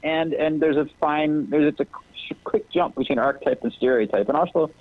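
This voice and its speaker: A man's voice: fairly high pitch, brisk, dry recording. Man on a tinny phone-like line. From Detroit, USA. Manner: rambling, restarts often, reflective. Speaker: TV writer, podcast guest. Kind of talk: casual interview chat.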